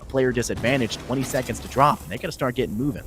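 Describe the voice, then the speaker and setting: A man from the American South calls a competitive shooter match in a mid-range voice, chatty and quick to laugh. A faint hiss of noise sits under the mic. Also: medium pitch. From Southern United States. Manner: laughs easily, chatty asides. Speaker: esports caster. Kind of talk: play-by-play commentary.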